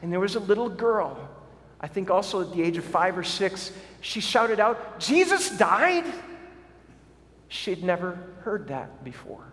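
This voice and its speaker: A man's voice: sits high, normal speed. A middle-aged man preaching a sermon as pastor, earnest and often repeating words as he starts sentences. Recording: long hall reverb.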